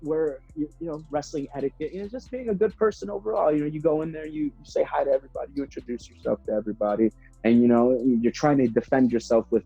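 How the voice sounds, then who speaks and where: A young man, a professional wrestler telling stories in a casual interview, animated and full of fillers. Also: a little high, fast talker, gravelly, husky. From Puerto Rico. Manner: animated, acts out voices, many fillers. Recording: dull slightly lo-fi sound, faint music.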